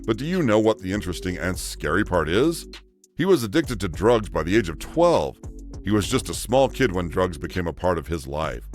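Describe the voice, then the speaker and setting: A man's voice: sits low, big pitch swings, normal speed, soft background music. A man narrating a scripted countdown of celebrity stories.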